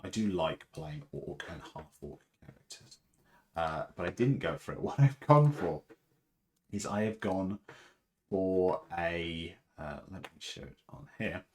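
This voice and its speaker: A man chats casually on his livestream, rambling with plenty of fillers. His voice sits fairly low. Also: a little slow, a little mellow. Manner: rambling, chatty with fillers and laughs. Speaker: livestream host.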